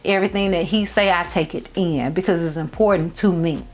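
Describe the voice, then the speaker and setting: A woman's voice: on the low side, fairly quick, soft background music. A woman in her thirties telling viewers a personal story while getting ready, heartfelt and repeating phrases for emphasis. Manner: addresses viewers as y'all and girl. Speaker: beauty vlogger. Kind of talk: casual storytime chat.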